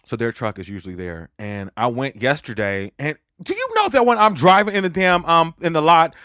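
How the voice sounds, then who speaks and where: Chatty podcast guy, kinda high voice, bouncy pitch, frank and swears a lot. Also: brisk, no room sound, clean studio sound. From Los Angeles. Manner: animated, swings into loud high-pitched quoted voices; frank and profane, laughs while telling. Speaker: podcast host. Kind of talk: casual storytelling monologue.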